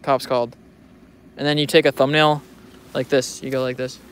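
A man's voice: medium pitch, flat delivery, brisk, a little hiss or hum. Joking young man rambling on a vlog. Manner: joking, rambling, swears freely. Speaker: vlogger. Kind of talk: casual rambling vlog commentary.

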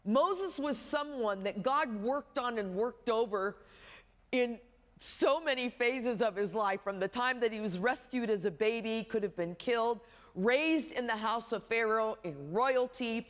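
A woman's voice: fairly high pitch, long reverb tail. A woman pastor preaching a sermon, telling a story with humorous asides.

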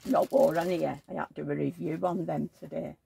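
A woman's voice: sits low, steady tone, fast, creaky, mellow, a little hiss or hum. A woman vlogger in casual chat at home, rambling along and cooing at the dolls she dresses. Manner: rambling, chatty, coos at dolls.

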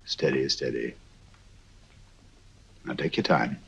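An actor playing a cool, precise middle-aged detective in a 1940s film, speaking in clipped, deductive sentences. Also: male voice, medium pitch, lively intonation, normal speed, a bit bright, husky. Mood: calm, probing. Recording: dull old film soundtrack.

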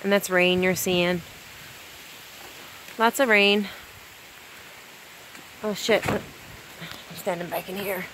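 A woman in a casual phone vlog, chatting excitedly while she films a rainstorm outdoors. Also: lowish voice, slow, pauses often, rough recording. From Newfoundland, Canada. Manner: chatty, excitable, rises into baby talk with her dog. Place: outdoors in a rainstorm, sheltering under cover. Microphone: phone held in hand. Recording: phone mic outdoors with light rain noise.

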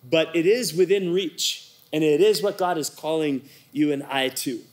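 Conversational middle-aged pastor preaching. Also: male voice, a little high, normal speed. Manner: conversational, storytelling, leads the congregation in repeated declarations. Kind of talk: sermon.

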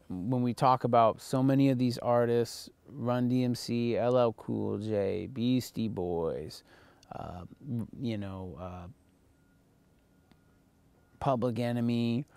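A man's voice: mid-range voice, a little mellow, clean tone, no room sound. A man giving a casual recorded lecture as a college instructor, loose and profane, with lots of fillers.

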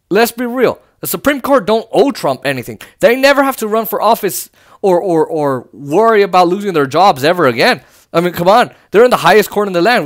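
A man giving casual political commentary in an animated, emphatic way, repeating words for emphasis and adding mocking, sarcastic asides. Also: high-pitched.

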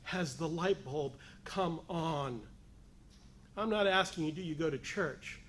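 A man's voice: a little high, slow, a bit bright, a little hiss or hum. Man preaching, rising to emphatic peaks. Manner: rising to emphatic, raised voice on key points; pleading as he voices the lepers' cry. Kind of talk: sermon.

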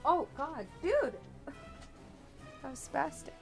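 A woman streaming a video game, chatting casually with her viewers and cooing softly at her cat into a desk microphone. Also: high voice, sing-song, takes it slowly, vocal fry. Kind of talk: casual live-stream chat. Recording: loud game soundtrack under voice. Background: game music.

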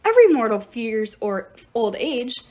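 A woman voicing a withered, very old male god of old age who talks with slow, low menace. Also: big pitch swings, darkish tone. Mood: menacing.

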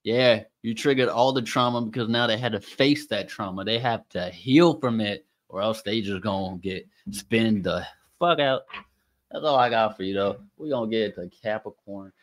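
A man's voice: on the low side, moderate pace, dry recording. A man doing a casual tarot reading by zodiac sign, talking in a slangy, profane, joking way. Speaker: tarot reader.

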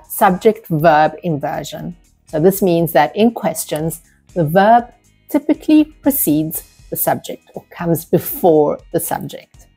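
A woman teaching English grammar, explaining step by step with spoken examples and frequent pauses. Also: on the low side, a little mellow.

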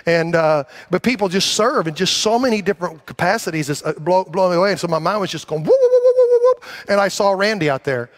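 Pastor, higher male voice, loose rambling sermon delivery that builds to emphatic calls. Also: fast talker, hardly any pauses. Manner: rambling, energetic, self-deprecating, rising to emphatic calls. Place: church sanctuary.

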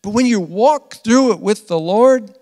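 A man preaching a conversational sermon as pastor. He is earnest, laughs often, repeats phrases, and swings from loud emphatic lines to quiet asides. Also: high-pitched, expressive, unhurried, big-room sound. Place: church hall.

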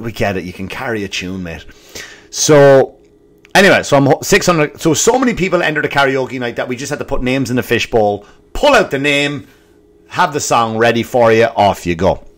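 Irish male podcast comic, profane storyteller, loud bursts and muttered asides. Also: mid-range voice. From Ireland. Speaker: comedy podcast host.

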